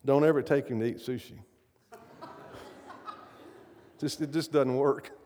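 A man's voice: medium pitch, steady tone, measured pace, dark tone, long reverb tail, a little hiss or hum. A middle-aged man preaching a sermon, emphatic and often asking his audience questions.

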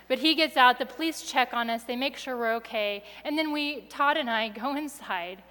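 Woman telling her story, kinda high voice, gets soft and hushed in the scary bits, long hall reverb. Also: a little slow, slight background noise. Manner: expressive, drops soft and quiet at tense moments, laughs between lines. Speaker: speaker telling a personal story. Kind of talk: dramatic personal storytelling.

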